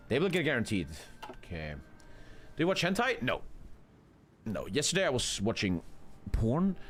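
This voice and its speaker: A man, commenting live on his own strategy game and swearing a lot. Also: slight background noise. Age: 30s. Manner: swears a lot, jumps into loud high yelps. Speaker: streamer.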